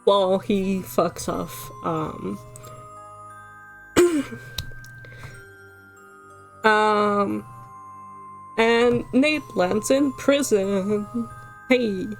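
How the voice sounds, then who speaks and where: A woman's voice: medium pitch, lively intonation, drawn-out words, long pauses, faint music behind. A woman with a Dutch accent, casually recapping a story as a streamer, sweary and full of fillers and laughs.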